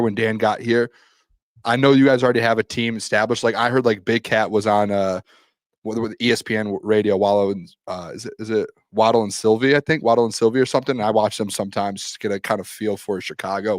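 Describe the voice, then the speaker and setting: Animated man in dry sports chat. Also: fairly low pitch, no echo. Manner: animated, quick to jump in, rambling asides. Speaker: sports podcast co-host.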